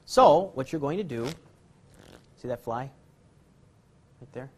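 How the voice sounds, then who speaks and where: In this relaxed card-magic lesson, the man speaks slowly in a mid-range voice with lively intonation, and a faint hiss or hum sits under the recording. He wanders off-topic, cracks self-deprecating jokes, and laughs frequently.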